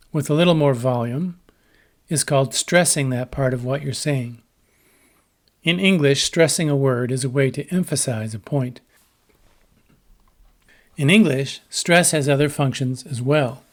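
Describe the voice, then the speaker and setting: A man giving a scripted educational narration about language, speaking in a measured, explanatory way and voicing short example sentences. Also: mid-range voice. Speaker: lecturer on translation.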